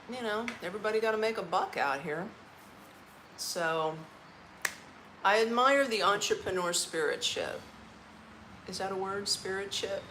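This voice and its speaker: Tired, chatty woman from Florida, slow and laid-back. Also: medium pitch, noisy background. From Orlando, Florida, United States. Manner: chatty, loose, laughs often, folksy slang. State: tired, eating while talking. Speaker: vlogger hosting a live stream. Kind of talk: casual live-stream chat. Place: her apartment, indoors.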